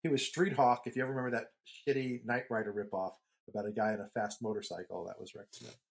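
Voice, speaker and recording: A man's voice: lowish voice, fairly even intonation, fast talker, creaky. A middle-aged man co-hosting a podcast, telling long, rambling stories in casual chat with the odd swear word. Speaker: podcast co-host.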